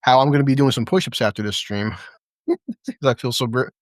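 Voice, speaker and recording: A man's voice: mid-range voice, a little fast, dry recording. Male streamer, loose profane recap talk, frequent laughter, dry mic. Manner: rambling, profane, laughing often. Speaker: show recap host. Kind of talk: casual livestream episode recap.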